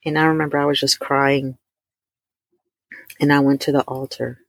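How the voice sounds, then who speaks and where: A middle-aged woman, telling a heartfelt personal testimony to her listeners, warm and emotional, calling them y'all. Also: extremely low pitch, level tone, no echo, studio quality. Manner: emotional, addresses listeners as y'all, drawn-out emphasis. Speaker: host of a faith talk stream.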